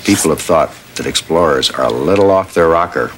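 A man's voice: rumbling low, expressive, brisk, slight background noise. An older man guest-starring in a 1980s sitcom, friendly and dry with his jokes.

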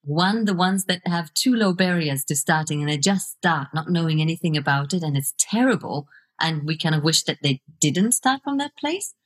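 A middle-aged woman talks as a guest on a podcast, her voice low and slightly husky. She speaks in an earnest, reflective way about her work as a coach. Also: animated, normal speed. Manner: reflective, earnest, laughs easily. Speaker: guest, video coach and author. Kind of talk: podcast interview.

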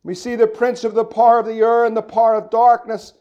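High-voiced pastor preaching. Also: male voice, completely flat delivery, fairly quick, a little mellow, dull audio. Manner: impassioned preaching with repeated rhetorical questions. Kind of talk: sermon. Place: church meeting room.

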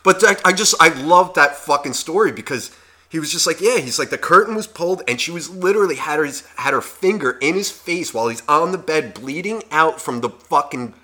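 A man's voice: a little high, animated, fairly quick, sharp tone. A young man co-hosting a podcast, telling a story in casual chat, rambling and swearing, with lots of fillers. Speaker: podcast co-host.

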